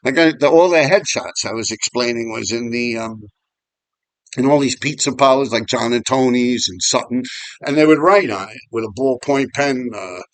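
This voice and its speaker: A man telling a story in a casual, animated, profane way, laughing often. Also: mid-range voice, moderate pace, no echo, poor audio. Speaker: vlogger.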